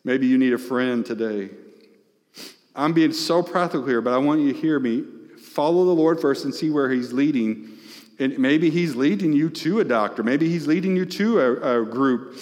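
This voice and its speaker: A male pastor in a church sanctuary delivers an impassioned sermon, calling out to the congregation as his delivery rises and falls. His voice is mid-range and a little mellow, at a moderate pace, and the church hall is reverberant.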